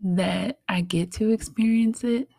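A young woman speaks slowly and gently, letting her thoughts unfold with unhurried pauses. Her tone is heartfelt and reflective, broken by soft laughs. The sound is dry and close, with no room behind it. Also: medium pitch, fairly even intonation, creaky, no echo. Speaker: podcast host. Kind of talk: reflective solo podcast talk.

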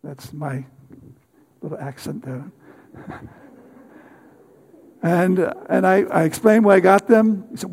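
An older man preaching a sermon with personal testimony, halting often with fillers and repeated words. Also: sits high, animated, creaky, a little mellow, breathy edge.

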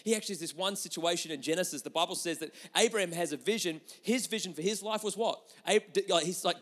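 A man preaching a sermon with lots of energy, moving between loud emphatic lines and quiet, intimate asides. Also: high voice, fast. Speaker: pastor. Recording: long hall reverb.

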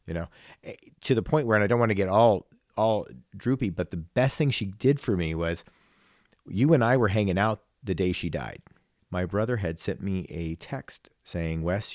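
A man with a deep voice tells a personal story on a casual talk show, reflective and emotional. He halts often and restarts his sentences. The recording is close and dry, with no room sound. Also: darkish tone, no room sound. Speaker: podcast co-host.

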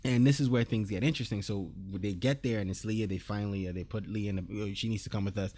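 A man's voice: fairly low pitch, steady tone, fast, darkish tone. A man co-hosting a casual podcast, recapping episodes in a laid-back, rambling way and laughing often. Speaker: podcast co-host.

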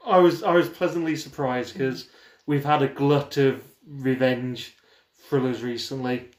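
A man's voice: medium pitch, fairly even intonation, measured pace. Upbeat man in an echoey room. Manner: upbeat, laughing, enthusiastic. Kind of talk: casual film review chat. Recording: roomy echo.

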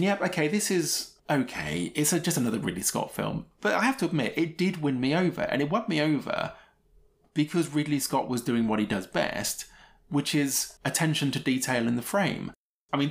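With a mid-range, creaky voice, a podcast co-host chats casually about films, giving opinionated reviews and laughing frequently.

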